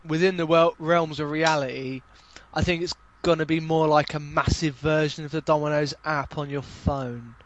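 A man's voice: a little high, moderate pace, hardly any pauses, dull audio. A man with a southern English accent, a podcast guest telling jokey, sweary stories in casual chat. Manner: sweary, jokey, animated storyteller.

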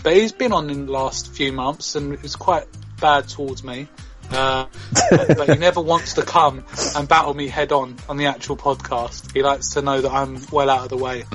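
A man's voice: medium pitch, fairly even intonation, normal speed, a bit bright, faint music behind, poor audio. A man hosting a comedy podcast, teasing and often breaking into laughter as he talks. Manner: laughs through his lines, teasing. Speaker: podcast host. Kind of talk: casual comedic chat.

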